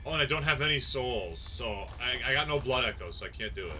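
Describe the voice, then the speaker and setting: A man commentating his own gameplay as a streamer, swinging from excited yelling to sarcastic grumbling. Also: mid-range voice, fast talker, slight background noise. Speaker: gaming streamer. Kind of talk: let's play commentary.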